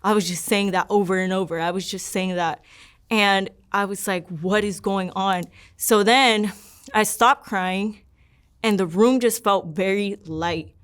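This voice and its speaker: A young woman in an interview, earnestly recounting a personal story in a rambling, soft-spoken way with lots of "like". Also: mid-range voice, measured pace, clear, resonant tone. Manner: rambling and earnest, leans heavily on "like". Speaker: interview subject.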